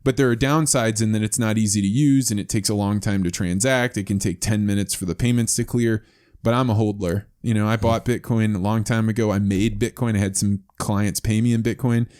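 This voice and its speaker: A man's voice: fairly low pitch, steady tone, a little fast, a little mellow, smooth. A man hosting a podcast interview, talking in eager bursts with frequent restarts. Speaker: podcast host. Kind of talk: casual interview chat.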